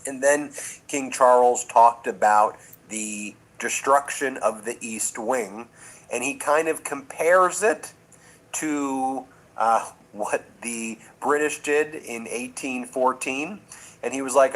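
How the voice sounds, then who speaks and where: Man, casual news commentary host, animated, chatty, mid-pitched voice, talks to viewers. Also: takes it slowly, low-quality recording.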